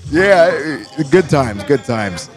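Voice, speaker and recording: Animated, swearing man telling stories. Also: mid-range voice, extremely slow, music in the background. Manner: animated storyteller, swears freely, acts out quotes. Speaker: podcast co-host. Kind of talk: casual chat.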